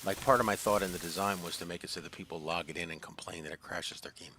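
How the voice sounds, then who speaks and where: A man from the East Coast with a low, deep voice talks through a gaming session, wandering through stories with plenty of fillers and asides. A steady hiss sits under his voice. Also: fast. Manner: rambling storyteller, many fillers. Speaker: gaming channel host. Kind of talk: casual gaming chat. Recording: noisy background hiss.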